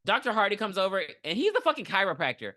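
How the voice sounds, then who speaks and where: A podcast co-host recapping a movie in casual, profane chat, animated and mimicking the characters. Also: medium pitch, quick pace.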